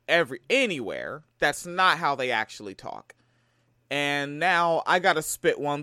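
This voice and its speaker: A man from Tacoma gives profane reaction commentary, blunt and sarcastic. His pitch sits high and leaps around a lot. The close mic sounds dry, with no room around him. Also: fairly bright tone, dry recording. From Tacoma, Washington. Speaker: commentary vlogger reacting to a sketch.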